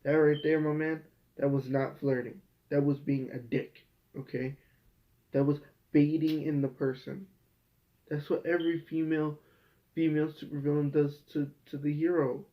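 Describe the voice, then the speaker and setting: A young man vents in an exasperated, profane rant while reviewing a show. His voice sits a little high for a man. The recording is dull and lo-fi, like a cheap home mic. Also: flat delivery, normal speed. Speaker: host.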